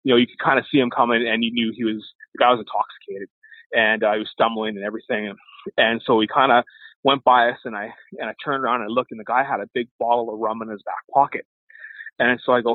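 A man, an evangelist guest, telling a lively testimony story and acting out the voices of the people in it. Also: medium pitch, fast talker, dry recording. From Canada. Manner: animated storyteller, acts out voices. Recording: tinny phone-like line.

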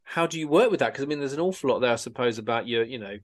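A man's voice: mid-range voice, expressive, racing. A man co-hosting a podcast in casual chat, rambling and searching for his words as he talks. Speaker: podcast co-host.

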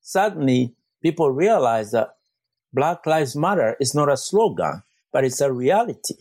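A man's voice: medium pitch, very animated, normal speed, a little mellow, dry recording. A man working as a community organizer, answering interview questions earnestly with frequent fillers and restarts. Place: Vancouver.

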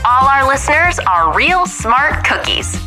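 A bright, sensible co-host. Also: female voice, high voice, very animated, measured pace, soft background music, heavily acted. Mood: upbeat. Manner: patient, matter-of-fact and upbeat. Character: sensible upbeat woman co-host. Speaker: podcast co-host. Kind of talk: kids' audio comedy.

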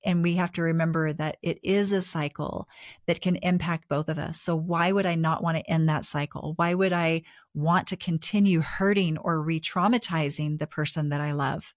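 A woman co-hosting a relationship advice talk show, explaining in a calm, measured way. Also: deep voice, no echo, clean studio sound. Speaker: co-host.

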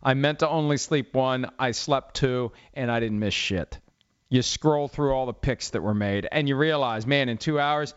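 A man's voice: medium pitch, expressive, moderate pace, clear, resonant tone. A middle-aged man hosting a football talk show, telling stories in a rambling, wry, sarcastic way. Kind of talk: casual sports commentary monologue. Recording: slightly dull lo-fi audio.

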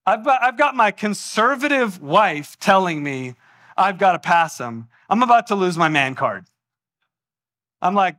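A man pastor preaching a sermon, telling a personal story in an animated way and acting out the voices in it. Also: high-pitched, moderate pace.

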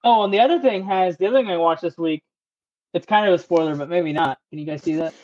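Male podcast host, high voice, loose rambling chat with swearing, dull recording. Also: fast talker, darkish tone, no echo. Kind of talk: casual chat.

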